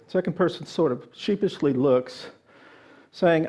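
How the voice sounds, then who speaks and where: A man ministering to a congregation at a spiritual center jokes his way through stories, then turns thoughtful when he teaches, weaving in readings before a live audience. He sounds a little high and a little mellow, with a breathy edge, lively intonation and a moderate pace.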